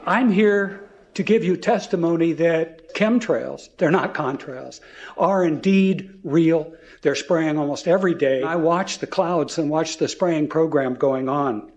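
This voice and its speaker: A man's voice: fairly high pitch, a little slow, a little mellow, highs cut off. A man earnestly giving testimony and warning of danger. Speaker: testimony speaker.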